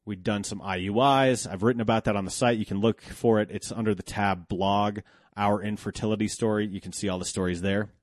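A man's voice: lowish voice, steady tone, fairly quick, no room sound, clean studio sound. A man in his thirties telling a candid personal story about work, blunt and profane, growing heated when indignant.

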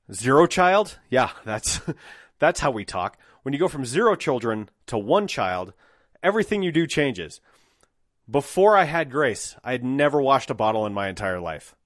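A man's voice: mid-range voice, no echo. Chatty joking man, dry close sound. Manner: chatty and joking, casual swearing. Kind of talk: casual solo monologue.

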